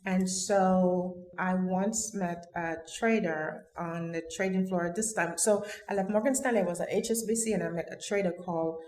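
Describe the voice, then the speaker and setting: A woman's voice: lowish voice, steady tone, moderate pace, few pauses, darkish tone. Middle-aged woman telling her story, roomy sound. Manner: earnest, reflective, many restarts. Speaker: podcast guest. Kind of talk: personal storytelling in an interview. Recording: roomy echo.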